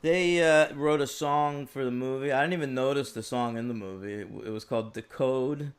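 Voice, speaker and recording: A man's voice: mid-range voice, moderate pace, smooth. A man co-hosting a film podcast in casual chat, with a dry, sarcastic delivery. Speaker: podcast co-host.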